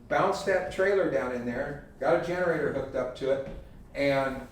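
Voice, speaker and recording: A man's voice: medium pitch, slight background noise. Folksy man in an echoey hall. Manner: folksy, animated storyteller acting out quotes. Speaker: speaker giving a talk. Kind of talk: storytelling talk with slides. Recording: echoey hall, heard from a distance.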